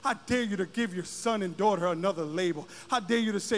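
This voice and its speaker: Guy preaching in church, high bright voice, yells and stretches words, big hall echo. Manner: rises into shouted, drawn-out preaching. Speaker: pastor. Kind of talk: sermon. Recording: long hall reverb.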